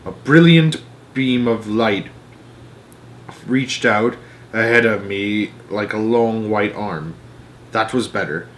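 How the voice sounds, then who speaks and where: A man hosting a storytime channel, reading a children's novel aloud with slow, hushed, dramatic pacing. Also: lowish voice, slight background noise.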